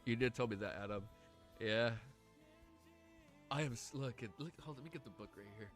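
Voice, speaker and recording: A man streaming casually, chatting excitedly with his audience, swearing and gushing, at times near tears. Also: medium pitch, brisk, faint music behind. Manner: excitable, swears often, gushes and laughs. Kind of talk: casual livestream chat.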